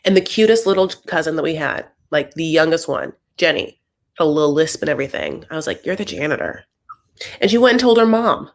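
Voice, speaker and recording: A woman's voice: low voice, lively intonation, quick pace. A young adult woman hosting a casual TV recap, chatty and sassy with rambling asides. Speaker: host.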